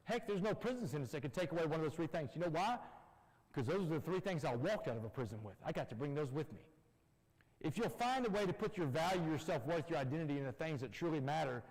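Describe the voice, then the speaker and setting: A husky man gives a motivational talk and moves quickly from one story beat to the next. His pitch jumps around as he acts out the dialogue, and his voice sits fairly high. The sound carries a long church-hall echo. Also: animated, darkish tone. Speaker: guest speaker.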